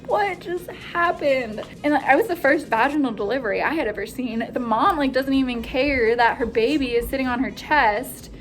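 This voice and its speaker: A young woman, a nursing student, excitedly retelling a hospital story in a casual vlog, full of "like" and acted-out quotes. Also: high-pitched, brisk, few pauses, faint music behind. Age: young adult. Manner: animated, breathless retelling with frequent "like" and quoted voices.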